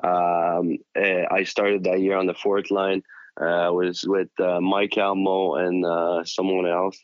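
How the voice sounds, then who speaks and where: A former player looking back in an interview, hesitant with many fillers and restarts. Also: male voice, low voice, level tone, measured pace, no echo. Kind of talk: interview recollection. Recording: dull lo-fi recording.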